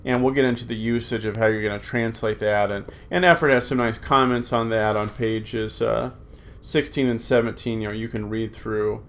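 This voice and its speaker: A man's voice: lowish voice, fairly even intonation, moderate pace, a bit bright. A middle-aged man teaching a recorded Greek grammar lesson, patient and plain, with many filler sounds as he repeats forms aloud.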